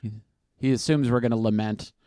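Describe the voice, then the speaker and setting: Guy doing a conference q&a, thinking out loud, kinda self-deprecating, smooth resonant voice, dry close sound. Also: medium pitch, steady tone, fairly quick, no room sound. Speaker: conference speaker answering questions.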